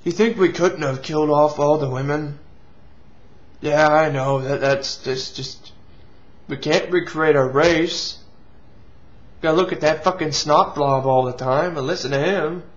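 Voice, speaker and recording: A man's voice: fairly high pitch, measured pace, close to an everyday voice. A man voicing a bored, grumbling male alien henchman who is stuck playing cards and gripes in a whiny way. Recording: lo-fi, dull sound.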